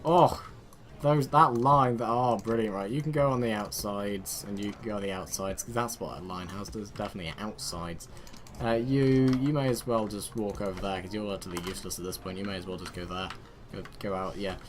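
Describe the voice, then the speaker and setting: A man commentating his own strategy game play, excitable, barking orders at his units and muttering to himself. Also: lowish voice, fairly quick, a little hiss or hum. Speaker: let's play host. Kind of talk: gameplay commentary.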